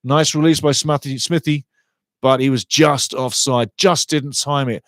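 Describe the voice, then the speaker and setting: Excitable man commentating a match. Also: mid-range voice, measured pace, dry recording. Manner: excitable, chatty, greets viewers by name. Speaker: watchalong football commentator. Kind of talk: live fan watchalong commentary.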